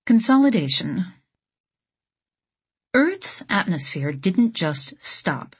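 A woman narrating an audiobook in a steady, measured reading. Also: mid-range voice, breathy edge. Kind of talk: scripted narration.

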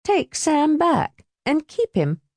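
A female narrator doing a prim, tightly wound middle-aged woman who scolds and defends herself in a high, strained voice. Her pitch climbs well above the narrator's own and jumps around sharply. The reading is close and dry, with no room sound. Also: wildly swooping pitch, takes it slowly, a little mellow, dry recording, heavily acted. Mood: pleading.

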